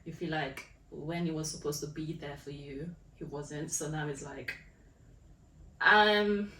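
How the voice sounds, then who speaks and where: Thinking aloud in a reflective, casual faith discussion, this podcast co-host has a low-pitched, a little mellow voice with a level tone and moderate pace. She's recorded on a distant mic in an echoey room with faint noise.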